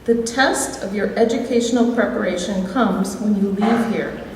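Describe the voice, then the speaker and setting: A woman from Wisconsin with a Midwestern accent giving a reflective, gently humorous award speech as an alumni inductee. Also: mid-range voice, normal speed, a little hiss or hum. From Wisconsin, USA. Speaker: alumni hall of fame inductee. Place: large school hall. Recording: echoey hall, voice from far off.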